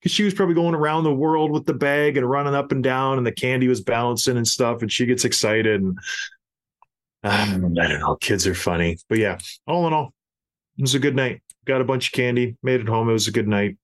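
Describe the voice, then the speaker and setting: Middle-aged male host, mid-pitched, animated casual storyteller. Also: brisk. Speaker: podcast host. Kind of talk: casual chat.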